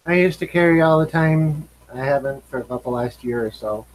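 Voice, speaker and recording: A man's voice: a little high, fairly quick, rough recording. Laid-back man on a live video chat. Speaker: live stream participant reading chat. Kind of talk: casual group chat.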